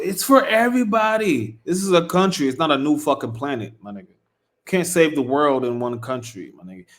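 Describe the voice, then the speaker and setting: Blunt, profane man reacting on camera. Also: a little high. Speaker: reaction video host. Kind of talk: casual reaction commentary.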